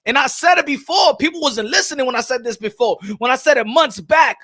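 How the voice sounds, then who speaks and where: A young man with a very high voice talks fairly quickly while hosting a lively boxing morning show streamed live. Shouty and hyped, he drops street slang and Spanish phrases throughout.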